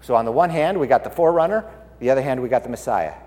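A man preaching a sermon, animated and swinging between loud and hushed. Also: mid-range voice, rapid-fire, in a large hall.

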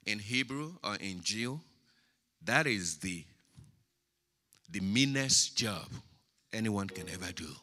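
Animated, sharp-toned preaching man. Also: fairly low pitch, slow pace, long pauses. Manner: emphatic preaching, swings from quiet to loud, stretches key words. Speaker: pastor. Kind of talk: sermon. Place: church sanctuary. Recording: church hall with long reverb.

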